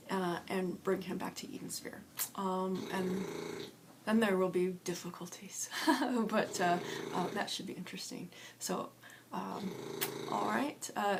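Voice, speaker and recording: A woman casually talking about her doll characters, hesitant with many pauses and restarts. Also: medium pitch, vocal fry. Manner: hesitant, many ums and restarts, soft laughs. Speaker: doll collector vlogger. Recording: audible background noise.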